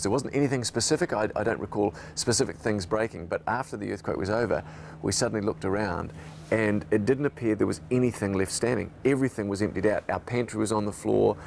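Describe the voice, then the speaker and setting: Gravelly New broadcaster. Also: male voice, fairly low pitch, a little mellow, slight background noise. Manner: reflective, emotional. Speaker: radio broadcaster. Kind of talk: recalled interview testimony.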